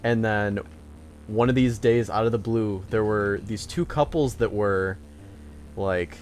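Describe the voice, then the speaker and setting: A man's voice: lowish voice, unhurried, darkish tone, soft background music. Laid-back self-mocking man. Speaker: let's play co-host. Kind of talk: casual gameplay chat and storytelling.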